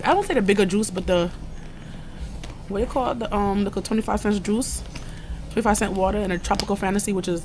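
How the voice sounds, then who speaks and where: A woman's voice: mid-range voice, slight background noise. Chatty New woman vlogging. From New York. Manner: chatty, slangy, rambling asides. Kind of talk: casual vlog chat.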